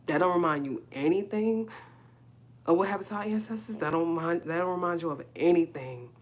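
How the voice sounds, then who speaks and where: A woman, hosting a live stream and speaking a halting, emotional personal monologue, repeating herself as she holds back tears. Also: sits low, animated. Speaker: livestream host. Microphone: phone or webcam on a live stream.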